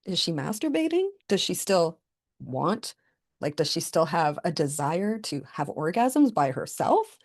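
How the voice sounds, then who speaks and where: A woman's voice: medium pitch, darkish tone. A woman hosting a podcast, talking straight to listeners in a frank, coaching way as she gives relationship advice. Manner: frank, coaching, plain-spoken. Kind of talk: direct advice monologue.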